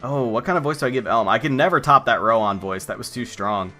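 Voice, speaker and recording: A man's voice: mid-range voice, fast talker, pushed and bright, soft background music. A young adult man giving casual, sarcastic commentary on a game he is playing, joking and talking back to the characters. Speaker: let's play commentator.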